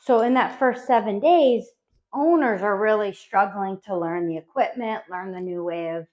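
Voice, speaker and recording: A woman dog trainer explaining training phases to owners, animated and acting out little voices for dogs and owners. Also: mid-range voice, moderate pace. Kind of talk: spoken instructional talk to dog owners. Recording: dull lo-fi sound.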